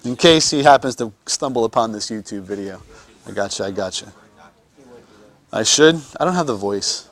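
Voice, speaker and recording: A man's voice: mid-range voice, lively intonation, a little fast, few pauses. A man teaching anatomy in a classroom lecture, joking with students and often repeating words as he restarts.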